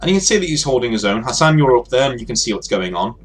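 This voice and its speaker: A man narrating as game master of a tabletop game, relaxed and full of pauses. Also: medium pitch, breathy edge. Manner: relaxed, hesitant with many fillers.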